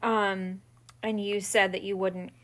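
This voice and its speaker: A woman's voice: mid-range voice, flat delivery, slow, fairly bright tone. A woman in casual chat, mostly giving brief affirming interjections.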